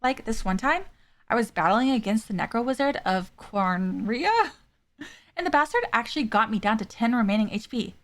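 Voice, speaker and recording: A woman's voice: fairly high pitch, lively intonation, moderate pace, lightly acted. A woman reading the lines of a boastful young female warrior, brash and swaggering, using casual slang. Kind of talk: reading game dialogue aloud.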